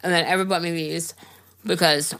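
A middle-aged woman co-hosting a podcast, chatting in a relaxed, rambling way. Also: lowish voice, normal speed, no room sound. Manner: relaxed, rambling, talks with mouth full. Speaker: podcast co-host. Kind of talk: casual chat.

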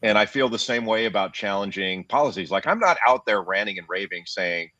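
A man in his fifties from the United States, a basketball analyst talking as an interview guest in a measured, reasoned way with frequent restarts. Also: fairly low pitch, lively intonation, pushed and bright, no echo. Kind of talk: interview conversation. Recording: dull lo-fi dry sound.

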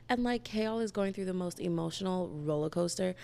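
A young woman talks through a book series in a casual, gushing vlog, full of asides and "like". Her voice sits low for a woman and has a gravelly fry running through it. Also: a little fast, few pauses. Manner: animated, gushing, chatty with lots of "like". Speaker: book vlogger. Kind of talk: casual book review chat.

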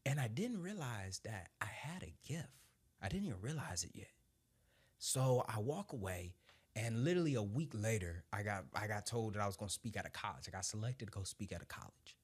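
This young Marine sergeant's voice is slightly rough, expressive, and fairly quick as he tells his own story as a guest. The conversation is casual; he swears openly and laughs through anecdotes, then drops low and quiet when reflective.

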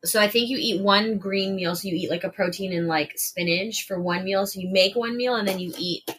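Bright, husky woman podcast co-host. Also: mid-range voice, a little fast. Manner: casual, swears, reads prices aloud while browsing. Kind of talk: casual chat while taste-testing food. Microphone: podcast mic in a shared room.

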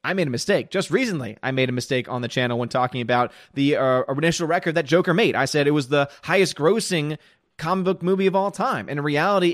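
Chatty man with a slightly high voice. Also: fairly bright tone, no room sound, clean studio sound. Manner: chatty, opinionated, greets viewers by name. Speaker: livestream host reading chat. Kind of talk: casual live-stream commentary.

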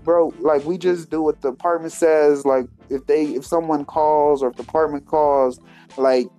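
A man putting on the voice of a relaxed tow company worker who talks in easy slang. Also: fairly high pitch, moderate pace, soft background music, voice pushed down, close to an everyday voice. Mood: offhand. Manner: casual, unbothered, slangy. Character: laid-back male tow company worker.

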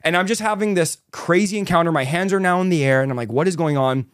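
A young man excitedly telling a personal conversion story as a podcast guest. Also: a little high, no room sound, clean studio sound. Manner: fast, excitable, animated retelling. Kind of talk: testimony storytelling.

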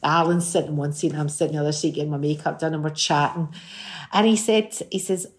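A middle-aged woman with a Scottish accent, chatting as a guest and telling lively stories, acting out what people said. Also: low voice, fast talker. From Scotland. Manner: lively storyteller who acts out quotes. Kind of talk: casual chat.

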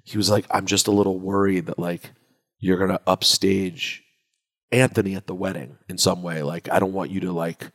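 A man's voice: sits low, normal speed. A man co-hosting a podcast, chatting casually and telling stories while acting out what his friends said. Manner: animated, acts out quoted friends. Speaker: podcast co-host. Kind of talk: casual chat and storytelling. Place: echoey room. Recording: echoey room with long reverb.

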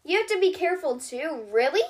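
Casting: a woman playing a squeaky, eager young dinosaur toy who begs and stammers, storybook read-aloud. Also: lively intonation, brisk. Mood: sheepish. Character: excitable big young male dinosaur toy.

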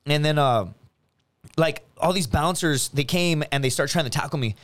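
A man's voice: a little high, normal speed. A man, a podcast guest, telling a profane story in casual chat, acting out the voices in it. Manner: animated, profane, acts out quotes.

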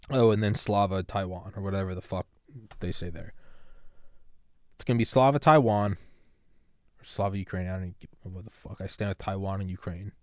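A man with a fairly low, slightly mellow voice hosts a solo podcast, ranting sarcastically about politics with swearing and rambling tangents. The recording is dry and studio quality.

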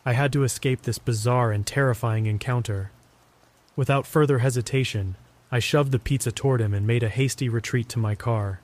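A man giving a scripted first-person horror story narration in a steady, even telling. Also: mid-range voice, a little fast.

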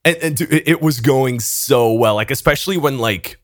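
A young man, a podcast co-host, telling an animated story in casual chat, swearing often and laughing between lines. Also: medium pitch, normal speed, no echo, studio quality.

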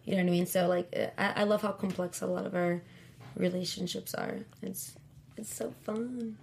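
A woman in her thirties, a guest in a casual interview, telling a personal story in a chatty way and acting out the quoted lines in high, lively bursts. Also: normal speed, vocal fry, slight background noise.

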